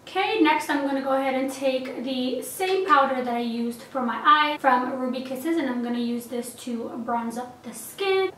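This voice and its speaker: A woman's voice: high voice, lively intonation, moderate pace, few pauses, a bit bright. A young woman narrating a makeup tutorial in a chatty, upbeat, gushing way, recorded in a small apartment. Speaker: makeup vlogger. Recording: echoey room, distant mic, faint hiss.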